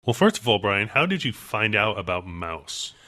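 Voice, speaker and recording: Bright-voiced, lively male co-host. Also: on the low side, moderate pace. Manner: exasperated, teasing. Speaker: podcast co-host. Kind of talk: casual podcast chat.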